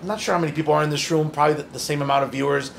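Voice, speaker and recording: A man from northern New Jersey works through audience questions as a guest journalist, slightly high-pitched and gravelly. He talks in a loose, earnest way and drops in jokes. A faint hiss sits under the voice. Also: fairly even intonation, rapid-fire. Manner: conversational, joking asides, earnest. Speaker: opinion journalist and guest speaker. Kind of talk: audience Q&A talk.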